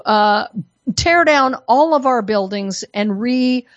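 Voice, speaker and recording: A woman's voice: on the high side, expressive, slow, no room sound, highs cut off. A woman from Colorado giving an opinion monologue as a commentator, full of sarcastic, mock-innocent asides. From Colorado, USA. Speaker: political commentator.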